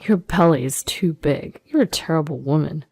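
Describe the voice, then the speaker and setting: A woman's voice: deep voice, expressive, moderate pace, gravelly, darkish tone, faint music behind, exaggerated voice. A woman voicing a smug, arrogant ex-husband who mocks and sneers. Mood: sneering. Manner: sneering, mocking.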